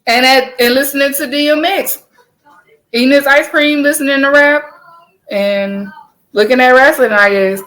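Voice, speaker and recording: This podcast co-host, a woman with a Southern American accent, talks at normal speed in a high-sitting voice. Her casual chat is full of animated storytelling, frequent laughs, and easygoing swearing.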